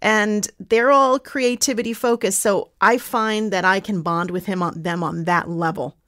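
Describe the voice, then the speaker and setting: Woman, podcast host, voiceover coach, chatty, affirming, mid pitch, dry sound. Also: steady tone, moderate pace, fairly bright tone, no room sound. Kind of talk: casual podcast chat.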